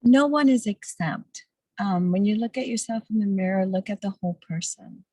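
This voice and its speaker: A woman's voice: medium pitch, normal speed, warm tone, no room sound, low-quality recording. A woman in her fifties, a guest speaker and nonprofit founder, giving earnest and encouraging interview answers over a video call. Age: 50s.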